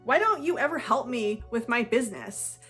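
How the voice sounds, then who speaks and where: A woman reading out the lines of an irritable adult partner who picks fights, in a sulky, accusing, sarcastic tone, close to her own higher voice. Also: expressive, normal speed, fairly bright tone, faint music behind.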